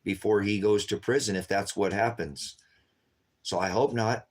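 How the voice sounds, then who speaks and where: A man talks to his livestream audience at normal speed, his fairly low voice holding a fairly even intonation. Though tired from staying up all night, he's urgent and repetitive in this unscripted talk, forever addressing viewers as "guys."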